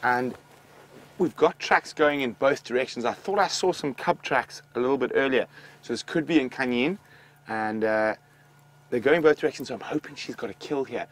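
Male tracker, mid-pitched, eager, live outdoor commentary. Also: normal speed, a bit bright. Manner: eager, explains tracks as he goes. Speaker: safari guide tracking animals. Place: outdoors in the bush.

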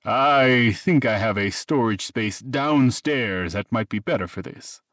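A man's voice: mid-range voice, measured pace, fairly bright tone, no room sound, clean studio sound, close to an everyday voice. A man doing a nervous, eager host.

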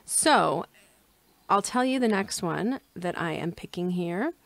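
A woman's voice: fairly low pitch, animated, slow pace, creaky, no room sound. A woman co-hosting a podcast outdoors in a backyard, chatty and goofy, laughing often. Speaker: podcast co-host. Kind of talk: casual chat.

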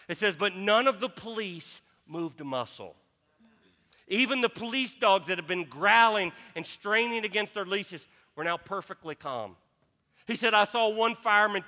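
A man's voice: high-pitched, bright, forceful tone, big-room sound. A man preaching a sermon as pastor, impassioned, who often repeats himself on restarts. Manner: impassioned, repeats words, quotes scripture. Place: church sanctuary.

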